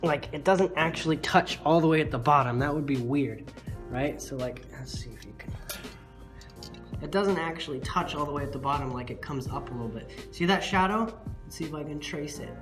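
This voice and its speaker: A man's voice: a little high, brisk, over music. Man for a chatty art tutorial, self-deprecating, loose and rambling, fillers throughout. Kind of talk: casual drawing tutorial.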